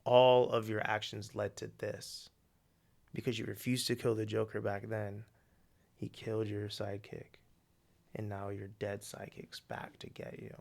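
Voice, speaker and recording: Gravelly man telling a story animatedly. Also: on the low side. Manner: animated, slangy storytelling with quick acted quotes. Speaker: podcast co-host. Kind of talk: casual chat.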